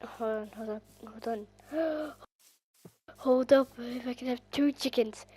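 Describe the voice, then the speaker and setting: A woman with an Irish accent giving rambling, chatty gameplay commentary that bursts into excited squeals. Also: a little high, measured pace, faint music behind. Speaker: gaming channel host.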